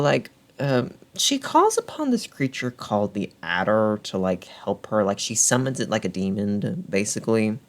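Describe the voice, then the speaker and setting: An animated man recaps a book in a loose, chatty vlog style, dropping fillers constantly. His voice swings widely in pitch as he talks. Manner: chatty, animated, full of "like" and laughter. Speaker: book reviewer.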